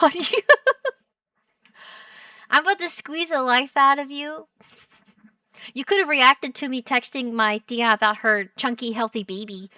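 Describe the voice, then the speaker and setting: A woman's voice: a little high, sharp tone, dry recording, clean studio sound, far from the mic. A young woman streaming as a VTuber, chatting casually and playfully while reacting to a show, giggling and teasing her chat.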